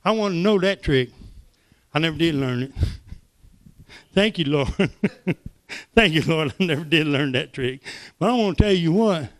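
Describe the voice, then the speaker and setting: An older man preaching, telling folksy stories that swing from soft asides to loud exclamations. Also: on the high side, lively intonation, a little slow, pauses often. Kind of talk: sermon testimony.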